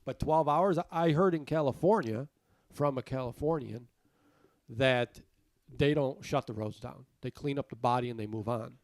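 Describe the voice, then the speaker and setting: A man's voice: medium pitch, moderate pace, no room sound. A man co-hosting a podcast, ranting with a lot of profanity in casual chat and sounding congested. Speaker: podcast co-host.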